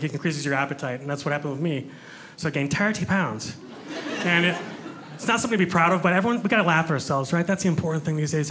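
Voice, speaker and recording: A young male stand-up comic rambles through self-mocking bits on a club stage, often restarting his sentences. His voice sits fairly high for a man. A handheld mic catches clear room ambience around him. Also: sharp tone, slight background noise. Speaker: stand-up comedian. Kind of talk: stand-up comedy. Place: comedy club stage, indoors.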